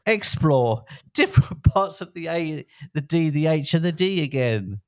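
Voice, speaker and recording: A man's voice: fairly high pitch, lively intonation, unhurried, no echo, clean studio sound. A middle-aged man from England co-hosting a podcast in a playful, jokey, casual chat. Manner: jokey, playful, breaks into song. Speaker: podcast co-host.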